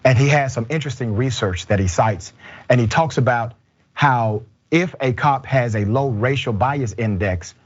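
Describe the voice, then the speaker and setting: A man's voice: mid-range voice, normal speed, highs cut off. A man hosting a political talk show, delivering emphatic commentary. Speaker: host.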